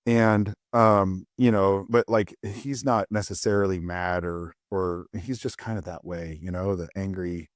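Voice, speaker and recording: A man's voice: low-pitched, steady tone, slow pace, no room sound, studio quality. A man, a dentist and podcast co-host, telling a long patient story in a rambling, self-deprecating way with lots of fillers. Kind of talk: casual storytelling chat.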